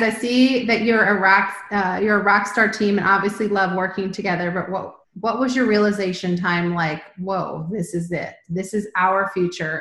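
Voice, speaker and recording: A woman's voice: fairly low pitch, a bit bright, echoey room. A woman moderating a training call over video, friendly and brief as she reads out questions.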